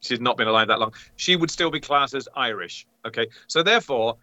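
Animated English man, sharp bright voice, playful, dry sound. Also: a little fast, no room sound, highs cut off. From England. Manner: animated, playful, teasing, pitch leaping up. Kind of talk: casual chat.

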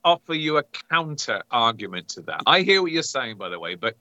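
A man's voice: fairly quick, no room sound, highs cut off. An Englishman with an English accent in casual chat, playful and teasing. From England. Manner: animated, playful, teasing, pitch leaping up.

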